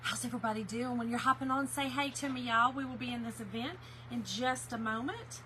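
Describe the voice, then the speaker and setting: A woman's voice: on the high side, brisk, background noise. A woman hosting a casual craft livestream, chatting and greeting viewers by name.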